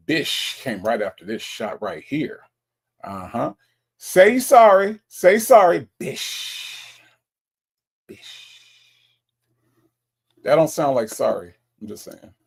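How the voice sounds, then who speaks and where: A man's voice: medium pitch, creaky, a little mellow, slightly rough. A man hosting a casual livestream and reading out viewer greetings in a chatty way. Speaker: livestream host.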